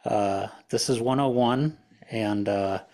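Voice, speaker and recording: A man with a lowish, gravelly voice who speaks slowly and haltingly, often pausing and restarting. He co-hosts a casual talk about scripture readings. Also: darkish tone. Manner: halting, with frequent fillers and restarts. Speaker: podcast co-host. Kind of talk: casual religious discussion.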